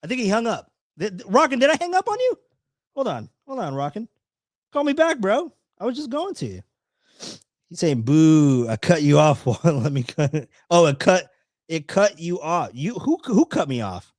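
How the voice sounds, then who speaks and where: A man hosting a live sports talk stream, telling a story in a rambling, animated way, swearing and restarting often. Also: high-pitched, normal speed, no echo, studio quality. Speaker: podcast host. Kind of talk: casual live-stream chat.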